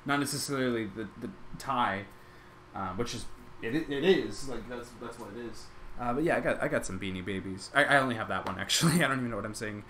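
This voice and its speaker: A man's voice: mid-range voice, fast, sharp tone, slight background noise. A young man streaming live, rambling casually as he reacts to his chat and to videos, with lots of "like" and restarts.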